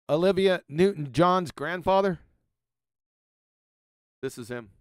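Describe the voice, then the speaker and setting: A man hosting a commentary video, reading quotes aloud with emphasis and then making sarcastic, mocking asides, often dropping to a low mutter. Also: smooth, no echo, studio quality. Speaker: channel host. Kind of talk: commentary over quoted slides.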